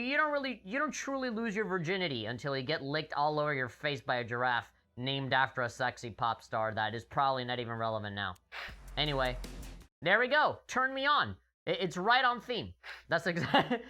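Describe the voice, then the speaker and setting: A young man chats live while playing, his tone bright and pushy. He rambles, swears freely and piles on restarts. Faint game music plays under his voice. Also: mid-range voice. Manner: rambling, profane, animated. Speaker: game streamer. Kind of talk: live stream storytelling.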